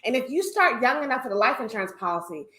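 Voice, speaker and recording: A woman's voice: a little high, big pitch swings, quick pace, sharp tone. Blunt woman guest in an echoey room. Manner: blunt, emphatic, repeats key lines. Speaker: panel guest. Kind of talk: panel discussion.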